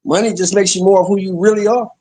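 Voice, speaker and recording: Very high-pitched male co-host, upbeat interjections. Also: fairly even intonation, quick pace, mellow. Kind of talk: casual podcast chat.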